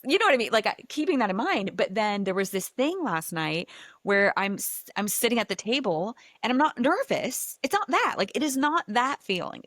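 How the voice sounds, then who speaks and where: A woman hosting a podcast, telling a personal story in a casual, animated way and saying "like" often. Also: medium pitch, dry recording. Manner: animated, chatty, heavy use of filler "like". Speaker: podcast host.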